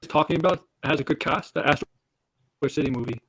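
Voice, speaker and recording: A man's voice: on the high side, quick pace, breathy edge. A man co-hosting a casual chat show, rambling with restarts and frequent laughs. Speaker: podcast co-host.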